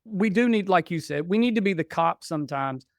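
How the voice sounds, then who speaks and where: A man's voice: sits high, lively intonation, fairly quick, no echo, clean studio sound. A middle-aged man, a father and podcast guest, telling a personal story in a heartfelt, conversational way.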